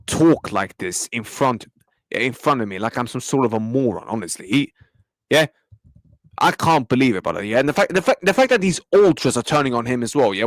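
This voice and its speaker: A man of medium pitch rants to his viewers as a football fan channel host reacting heatedly to a match. He is exasperated and slangy and keeps repeating himself, in a rough recording with no room sound.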